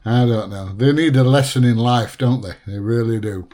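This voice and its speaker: A man's voice: mid-range voice, moderate pace, mellow. A man hosting a reaction video, chatty and blunt with a lot of laughter. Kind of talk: reaction commentary.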